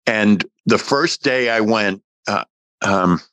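Low-voiced older man telling a story. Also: takes it slowly, dry recording. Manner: animated storyteller acting out quoted dialogue. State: emotional. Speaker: guest actor. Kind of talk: storytelling in a podcast interview.

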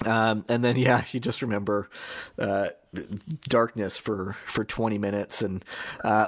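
A man who is a journalist, chatting casually on a podcast and telling stories with lots of fillers and restarts. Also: on the low side. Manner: rambling storyteller with many fillers and restarts. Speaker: journalist guest.

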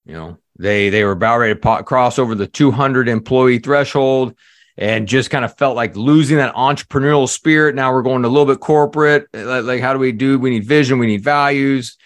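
A man, a leadership coach guest on a podcast, telling a story in a lively conversational way, full of "you know" fillers and acted-out quotes. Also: medium pitch, fairly quick, no echo.

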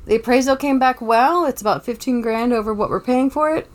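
A young woman co-hosting a casual movie podcast from her bedroom, chatty and quick to laugh, often sidetracked by her cat. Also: fairly high pitch. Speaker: podcast co-host. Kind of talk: casual chat about movies. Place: bedroom at home. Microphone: podcast microphone.

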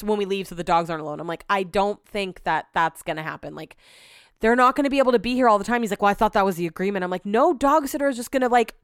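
A woman's voice: on the high side, a bit bright, smooth, dry recording, clean studio sound. A young adult woman hosting a podcast, telling rambling, self-deprecating stories with many asides. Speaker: podcast host. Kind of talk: casual chat.

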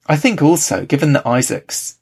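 A man's voice: on the high side, sing-song, normal speed, vocal fry, a little mellow, slightly rough. A man co-hosting a podcast, talking things through in a casual, thoughtful way with lots of hedging and fillers. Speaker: podcast co-host. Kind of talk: casual discussion.

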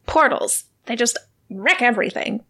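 Woman voicing a gravelly, cryptic old hermit woman, fussy about her hut. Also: a little high, lively intonation, normal speed, bright, forceful tone, exaggerated voice.

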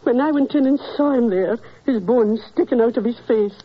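A woman's voice: fairly high pitch, brisk, husky. An actress playing a tearful, anxious landlady in a 1940s radio drama, pleading and stammering. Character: tearful, anxious landlady, middle-aged woman. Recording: dull lo-fi old radio recording.

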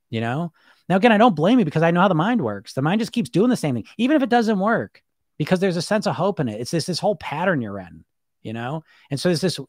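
Fast-talking blunt coaching man. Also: a little high, no room sound, clean studio sound. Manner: rapid, emphatic, keeps tagging "right?" and "you know?"; blunt, swears casually, laughs between points. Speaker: weight loss coach. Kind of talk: live-stream monologue to viewers.

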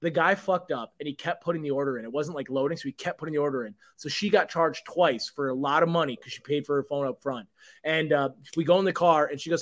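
A man's voice: on the high side, fast talker. A man co-hosting a podcast in casual chat, ranting with lots of swearing. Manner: profane, animated ranting. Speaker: podcast co-host.

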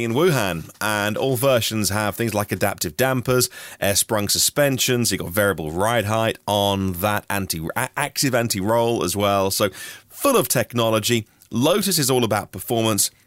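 A man's voice: on the low side, lively intonation, normal speed, a bit bright, no echo. A man from Norfolk hosting a daily news podcast, reading through stories in a chatty way with personal asides. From Norfolk, England. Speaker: podcast host.

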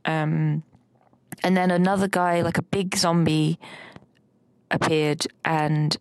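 A woman's voice: low-pitched, steady tone, takes it slowly, no echo. A woman co-hosting a podcast, telling a rambling dream story with lots of fillers and laughter. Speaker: podcast co-host recounting a dream. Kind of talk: casual chat.

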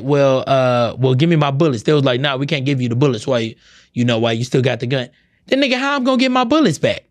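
A young man hosting a podcast, delivering a profane, heated comedic rant with lots of swearing. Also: high-pitched. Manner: profane, heated, animated ranting. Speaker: podcast host. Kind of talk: ranting comedic monologue.

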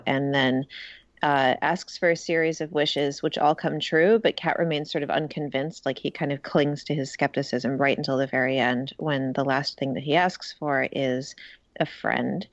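A woman with a low voice answering interview questions about her book, loose and casual with frequent ums. The sound is dry and slightly muffled. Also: gravelly, no room sound. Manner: casual, full of ums and hedging. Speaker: picture book author.

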